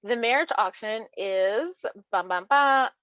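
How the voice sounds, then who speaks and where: A woman's voice: a little high, measured pace, fairly bright tone, clear, resonant tone, dry recording, muffled recording. Chatty woman author, laughing often. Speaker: author and interview guest. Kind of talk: casual chat about books.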